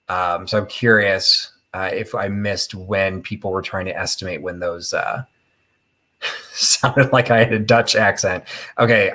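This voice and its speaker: A man's voice: fairly low pitch, a bit bright. A man hosting a live online vintage sale, talking casually and rambling with self-deprecating asides and many fillers. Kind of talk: casual live-stream sales patter.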